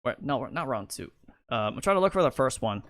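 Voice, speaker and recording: A man's voice: mid-range voice, very animated, fairly quick, a bit bright, no echo, studio quality. Stammering young man streaming commentary. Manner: stammering, restarts a lot, rambling. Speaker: streamer and video creator. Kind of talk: casual live-stream commentary.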